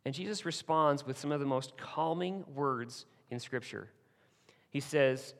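Male preacher, casual and animated, acts out quotes; medium pitch, big reverberant room. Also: normal speed. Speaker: pastor. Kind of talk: sermon. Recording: long hall reverb.

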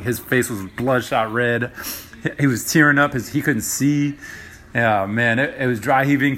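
A man's voice: medium pitch, a bit bright. A young man hosting a casual solo podcast, rambling with lots of fillers and profanity. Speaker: podcast host.

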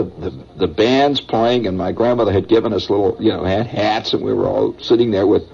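A man's voice: on the low side, vocal fry, mellow, breathy edge. A middle-aged man hosting a radio show, telling a rambling story in a folksy, conversational way, with chuckles and asides to listeners. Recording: dull vintage radio broadcast.

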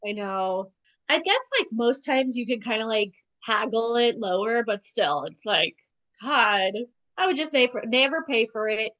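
A woman's voice: a little high, animated, a little slow, pushed and bright, low-quality recording. A young woman co-hosting a casual podcast, recapping a TV episode in a chatty, sarcastic way, full of "like". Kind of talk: casual chat.

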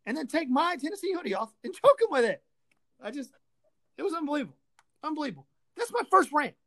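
A woman's voice: high voice, very animated, fast talker, a bit bright. A woman hosting a sports talk show, ranting sarcastically and with profanity about a rival team. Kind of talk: ranting sports podcast chat.

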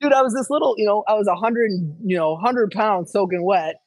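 Man, high voice, dry close sound, casual podcast host, rambling storyteller. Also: a little fast, no room sound, poor audio. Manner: rambling, animated storytelling with lots of restarts.

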